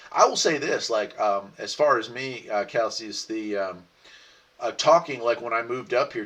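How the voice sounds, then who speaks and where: Male host, easygoing and chatty, answers viewer comments; mid-range voice, recorded a little distant. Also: mid-range voice. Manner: relaxed, rambling, laughs often. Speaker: livestream host. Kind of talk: casual chat reading viewer comments.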